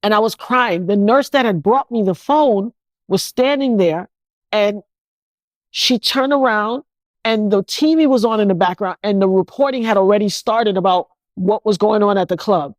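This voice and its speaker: A woman's voice: medium pitch, moderate pace, no room sound, clean studio sound. A woman, telling her personal story as an interview guest, speaking emphatically with many restarts.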